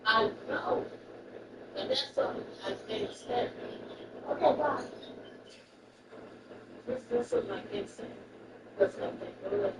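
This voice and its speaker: A speaker rambling in casual chat, circling back over the same phrases with a gravelly edge and a pitch that swings up and down. The voice sits far from the mic in a roomy space. Loud traffic noise runs behind it. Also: big pitch swings, slow, pauses often. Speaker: person chatting.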